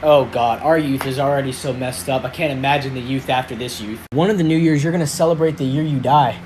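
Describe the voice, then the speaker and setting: A man's voice: mid-range voice, quick pace, a little mellow, slight background noise, natural voice. A man voicing Marvin, a young man who earnestly asks odd, puzzled questions. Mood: curious.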